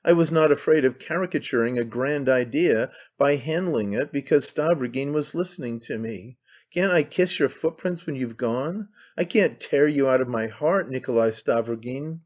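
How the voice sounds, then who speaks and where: A man's voice: medium pitch, normal speed, darkish tone, natural voice. A man reading an audiobook voices a frantic, impassioned man who pleads and accuses with intensity. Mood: fervent. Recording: slightly dull lo-fi sound.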